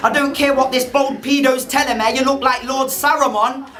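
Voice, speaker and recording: A man's voice: very high-pitched, steady tone, normal speed. A young man performing a battle rap, brash and mocking, firing off punchlines at a live event. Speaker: battle rapper. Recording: loud crowd and heavy noise. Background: loud cheering crowd.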